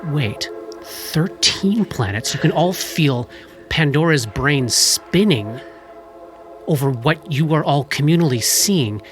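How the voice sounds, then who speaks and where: A game master narrating a tabletop horror game in a slow, dramatic storytelling manner. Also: medium pitch, faint music behind.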